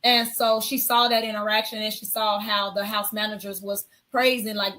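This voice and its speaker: A woman nurse giving her testimony on a faith talk show, telling an animated story and acting out the lines of people in it. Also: mid-range voice, normal speed, few pauses.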